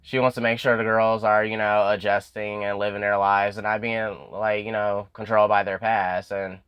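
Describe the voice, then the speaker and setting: A man's voice: lowish voice, little pitch movement, moderate pace, clean tone, no room sound, highs cut off. A young man giving a casual recap of a TV episode. He talks in a chatty way, full of "you know" fillers, and acts out bits of the dialogue. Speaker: YouTube show recapper.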